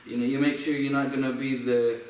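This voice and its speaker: A young man with an Israeli accent, a musician talking in a reflective, halting way with many restarts. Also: mid-range voice, little pitch movement, a little mellow. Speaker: musician sharing his story. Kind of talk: casual conversation. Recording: echoey room, from far off, faint noise.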